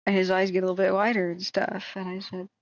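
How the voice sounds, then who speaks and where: A woman's voice: mid-range voice, monotone, fast, no room sound, highs cut off. A woman host on a live stream, telling a long self-deprecating story in a rambling way with many fillers. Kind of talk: casual storytelling.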